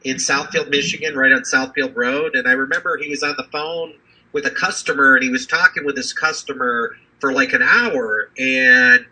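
A man's voice: mid-range voice, fairly even intonation, normal speed, pushed and bright, husky, rough recording. A man in his fifties, a physician and business executive, telling his story in a rambling, conversational interview with many fillers.

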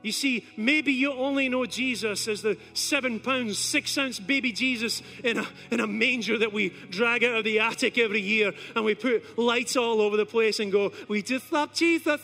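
A male preacher giving a sermon, telling stories in an animated way and acting out scenes. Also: extremely high pitch, brisk, few pauses, faint music behind. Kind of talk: sermon with storytelling.

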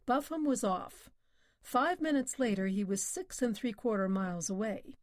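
A woman's voice: a little high, animated, normal speed, no echo. Woman narrating a story, dry close sound. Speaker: audiobook narrator. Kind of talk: scripted narration.

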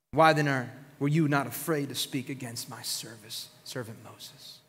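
A male pastor delivering an animated, conversational sermon with plenty of emphasis. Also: mid-range voice, normal speed, few pauses, long reverb tail.

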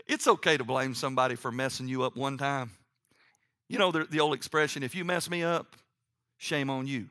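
A middle-aged man preaching a sermon as pastor, telling family stories and reading scripture aloud, sometimes dropping to a hushed low voice. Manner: animated storytelling with sudden drops to a hushed, low voice; reads scripture aloud, acting out the characters' lines.

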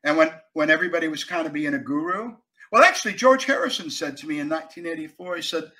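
An older man, a guest actor and author, telling stories in a casual interview, animated and emphatic, swinging between loud and quiet. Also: fairly high pitch, fast talker, hardly any pauses, rough recording.

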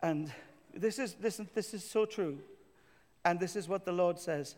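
A man with a notably high voice preaches a sermon, mixing wry self-deprecating storytelling with emphatic declarations. His voice rings out with a long reverb through the church hall. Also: a little slow, a little mellow. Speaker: pastor.

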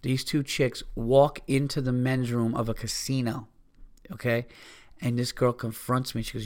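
Man, podcast host, gravelly voice, mid-pitched, profane and heated, rambling storytelling. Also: flat delivery, brisk. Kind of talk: casual storytelling.

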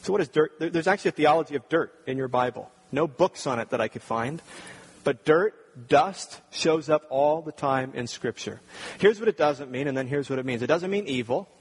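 Husky-voiced man preaching a sermon. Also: fairly high pitch, normal speed. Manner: earnest, rising to emphatic preaching. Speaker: pastor.

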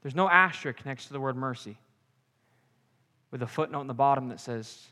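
A young man preaching a sermon with animated, joking asides. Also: medium pitch, brisk. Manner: animated, jokey asides and acted-out quotes. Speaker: pastor. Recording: long hall reverb.

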